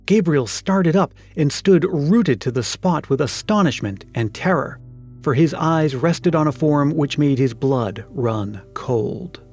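A man's voice: on the high side, animated, unhurried, darkish tone, breathy edge. Man narrating a storybook. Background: faint music.

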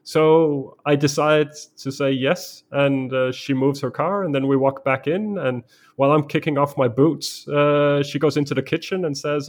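A man's voice: on the high side, steady tone, normal speed. A man from Denmark, a guest in a conversation, telling a story vividly in the present tense.

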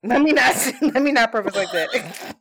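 A woman's voice: on the high side, lively intonation, moderate pace, slightly rough. A woman with a Philadelphia accent co-hosting a podcast in casual chat, slangy and laughing often, recorded on a makeshift setup in a basement. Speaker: podcast co-host. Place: basement, on the floor. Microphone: makeshift setup without her recording gear.

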